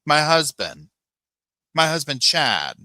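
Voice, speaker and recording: A man mimicking a defiant, indignant woman being interviewed, in a mocking high-pitched voice. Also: sing-song, slow, bright, forceful tone, dry recording, heavily acted.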